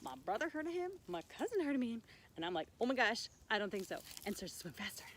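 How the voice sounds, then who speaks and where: A squeaky panicked mouse, as a woman puts him on. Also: sing-song, fast talker, slight background noise. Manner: squeaky, breathless. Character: tiny frightened male mouse.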